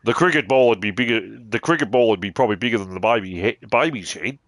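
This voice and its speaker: A man's voice: fairly low pitch, animated, fast talker, a bit bright, no room sound. A man giving casual, rambling gaming commentary, full of swearing and cheeky jabs.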